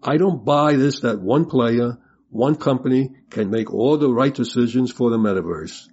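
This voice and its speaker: A man giving an opinionated commentary in a measured way. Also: mid-range voice, a little mellow, a little hiss or hum. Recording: dull lo-fi sound.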